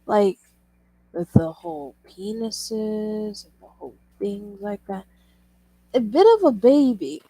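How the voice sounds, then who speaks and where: A young woman chats to her stream as she draws, rambling from one thought to the next and swearing freely. She talks at an unhurried, drawn-out pace. Her voice sounds close and dry, with no room echo. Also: medium pitch, lively intonation, dark tone, breathy edge. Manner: chatty and rambling, swears and laughs often. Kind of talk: casual livestream chat while drawing.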